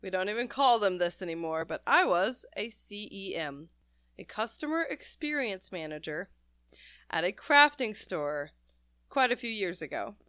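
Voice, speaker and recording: A woman co-hosting a casual chat show, talking in a blunt, animated way and laughing often, who also reads stories aloud. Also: medium pitch, moderate pace, dry recording, studio quality. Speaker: podcast co-host.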